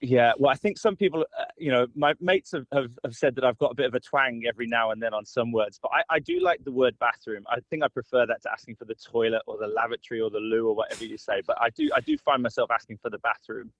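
A man from Scotland chatting as a guest on a radio phone-in, easygoing and relaxed with lots of hesitations. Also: medium pitch, quick pace, hardly any pauses, dry recording, dull audio. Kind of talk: casual chat.

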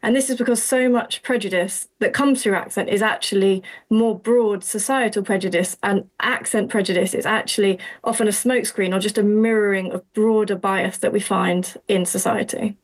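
A woman's voice: medium pitch, steady tone, moderate pace, hardly any pauses. A woman with an Essex accent, an academic guest explaining her research in a thoughtful, explanatory way. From Essex, England. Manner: thoughtful, explanatory, uses fillers like 'kind of'. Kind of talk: interview explanation.

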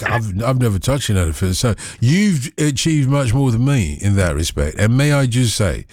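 Joking radio host, dry studio sound. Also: male voice, medium pitch, big pitch swings, normal speed, hardly any pauses, darkish tone, no echo. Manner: jokey, self-mocking. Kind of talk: casual chat with a caller.

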